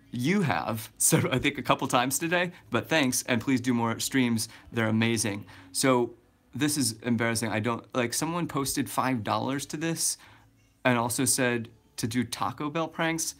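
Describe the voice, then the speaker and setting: A man's voice: medium pitch, moderate pace, a bit bright. A man in his twenties chatting casually on a livestream, rambling with many fillers and restarts. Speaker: vlogger.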